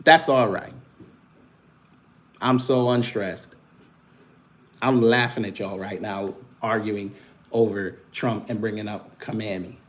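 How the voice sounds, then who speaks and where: A man's voice: lowish voice, steady tone, slow pace, pauses often, a bit bright. Taunting man on a live stream. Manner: taunting, teasing banter with laughs. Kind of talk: casual live-stream commentary answering chat.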